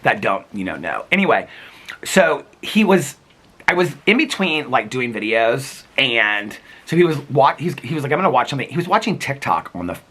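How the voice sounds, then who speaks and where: A man's voice: mid-range voice, big pitch swings, moderate pace, bright, forceful tone, slightly rough. A man telling a rambling story to his vlog viewers in a casual, chatty way, with lots of fillers and laughter. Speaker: vlogger. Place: outdoors.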